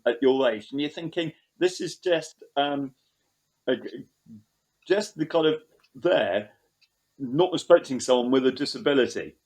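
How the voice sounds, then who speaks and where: A man's voice: fairly high pitch, darkish tone, low-quality recording. A man in a casual interview, telling a rambling story and quoting the people involved.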